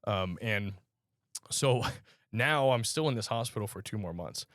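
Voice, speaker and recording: A man sharing his personal testimony as a podcast guest, telling his story in a halting, earnest way with frequent pauses. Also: lowish voice, lively intonation, a bit bright, no echo, clean studio sound. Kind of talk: personal testimony in a conversational interview.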